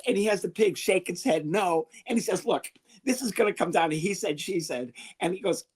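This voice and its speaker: A man, a comedian guest on an interview show, telling an animated story and acting out the people in it. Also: high voice, unhurried, long pauses, slight background noise. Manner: lively, animated, acts out the people he quotes.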